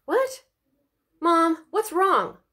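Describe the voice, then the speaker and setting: A woman's voice: very high-pitched, sing-song, extremely slow, a bit bright, pitched above the performer's own voice, full character voice. A woman reading aloud and voicing a young girl who is jumpy and frightened, asking pleading, breathless questions.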